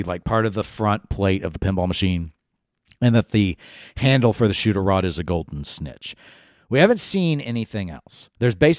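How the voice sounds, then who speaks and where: A man co-hosting a podcast, talking in an animated, playful way as he riffs on ideas and teases his partner. His voice sits a little low, and it sounds close and dry, with no room echo at all. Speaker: podcast co-host. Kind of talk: casual chat.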